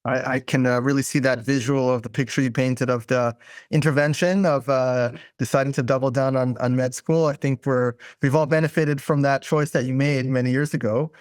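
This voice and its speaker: A man's voice: mid-range voice, steady tone, normal speed, no echo, clean studio sound. A man from Israel hosting an interview podcast, asking questions in a conversational, slightly hesitant way. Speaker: podcast host.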